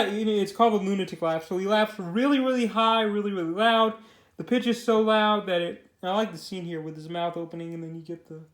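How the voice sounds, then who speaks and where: A man's voice: high-pitched, fairly bright tone, roomy sound. A young man casually reviewing a comic book. He rambles loosely, restarts his sentences and leans heavily on fillers.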